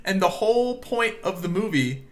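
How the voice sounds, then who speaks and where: A man's voice: high-pitched, lively intonation, normal speed, a little hiss or hum. A young man hosting a podcast, telling a story in casual chat with frequent laughter and swearing. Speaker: podcast host.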